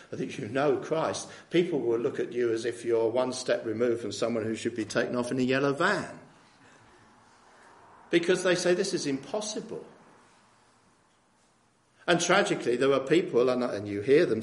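Male preacher, conversational sermon, tag questions, mid pitch, echoey room.

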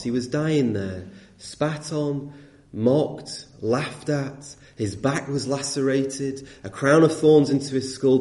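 A man's voice: mid-range voice, warm tone. A man preaching a sermon, earnest and emphatic, asking the congregation rhetorical questions. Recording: echoey room.

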